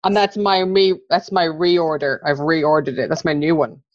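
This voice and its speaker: A woman's voice: low-pitched, steady tone, normal speed, no room sound, muffled recording. A woman guest on a podcast, talking in a friendly, rambling way. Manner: friendly, rambling, laughs easily. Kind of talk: casual interview chat.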